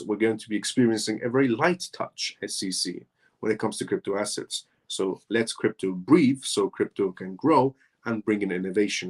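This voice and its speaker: A man's voice: lowish voice, husky. Guy from the uk hosting a crypto live stream, lots of ums, reads news bits and riffs on comments. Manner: loose, filler-heavy talk with frequent "um" and "essentially"; reads news articles aloud, then comments.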